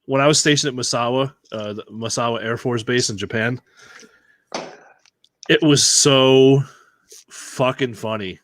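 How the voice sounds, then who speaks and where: A man co-hosting a podcast in casual banter, excitable and quick to laugh and swear. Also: medium pitch, no room sound. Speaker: podcast co-host.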